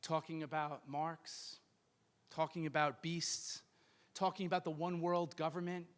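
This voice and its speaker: A man preaching a sermon as pastor of a church, emphatic and building to shouted peaks. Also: a little high, level tone, measured pace. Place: church sanctuary.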